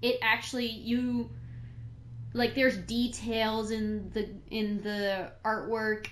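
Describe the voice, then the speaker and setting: A woman co-hosting a casual film discussion, chatty and thinking out loud as she talks. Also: fairly high pitch, level tone, slow, slight background noise. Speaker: podcast co-host.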